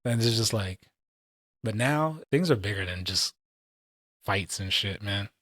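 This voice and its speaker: A man's voice: fairly low pitch, animated, measured pace, a bit bright, no echo, clean studio sound. A man in his late twenties or thirties, co-hosting a casual podcast and telling stories in heavy, profane street slang. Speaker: podcast co-host.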